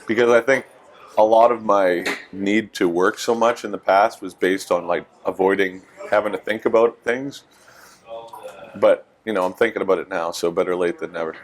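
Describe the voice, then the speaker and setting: A man's voice: low voice, fairly even intonation, normal speed, rough recording. A man in his forties with a Canadian accent, chatting casually in an interview, joking and self-deprecating. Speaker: interview guest, musician.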